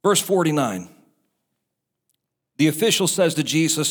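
A pastor preaching a sermon and acting out the voices of doubters and the devil. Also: male voice, on the high side, very animated, measured pace, long pauses, breathy edge.

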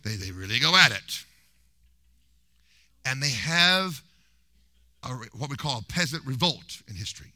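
A man preaching a sermon in a church, telling history as an animated, humorous story and mimicking voices. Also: medium pitch, unhurried, long pauses, no room sound.

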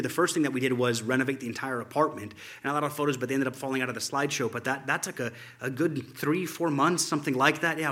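A man's voice: medium pitch, pushed and bright. A man giving an informal tribute to friends while showing a photo slideshow, telling loose stories and chuckling often.

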